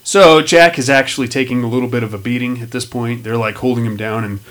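He talks fast at a medium pitch, a podcaster swearing his way through a casual film recap. Lively throughout, he acts out the characters' lines as he goes.

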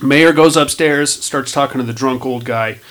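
A man's voice: mid-range voice, moderate pace. A man casually recapping a film plot with lots of swearing, acting out lines from the story. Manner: animated, swearing, acting out quotes. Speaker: podcast host recapping a film. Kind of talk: casual profane movie recap chat.

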